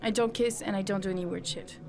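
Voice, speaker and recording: A woman's voice: mid-range voice, steady tone, fast, darkish tone, faint music behind, lightly acted. A woman with a French accent voicing a guarded, hard-edged young woman in a video game, blunt and curt. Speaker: game character. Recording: clear background hiss.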